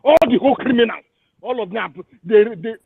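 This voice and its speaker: A man with a Nigerian English accent, calling in and ranting in fury, shouting and hurling repeated insults. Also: extremely high pitch, brisk, vocal fry, a little hiss or hum. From Igbo region of Nigeria. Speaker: caller. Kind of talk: angry call-in rant. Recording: tinny phone line.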